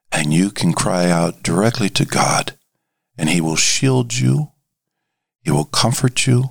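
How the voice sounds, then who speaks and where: This man's voice is fairly low and creaky as he preaches informally. He stumbles along with many fillers and restarts, lowering to a hushed tone to stress his points.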